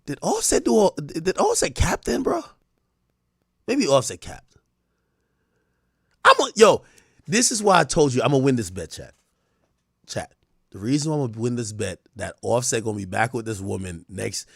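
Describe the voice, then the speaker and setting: A man streaming casual comedic commentary, profane and animated, breaking into loud shouted outbursts. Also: mid-range voice, normal speed, vocal fry, long pauses, husky, dry recording, studio quality.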